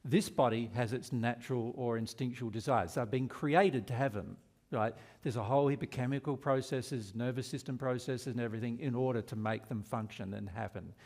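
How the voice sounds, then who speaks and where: A man's voice: mid-range voice, fairly quick, hardly any pauses, a little mellow. Man teaching a seminar audience. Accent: Australian. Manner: earnest, rhetorical questions to the audience. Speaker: spiritual teacher.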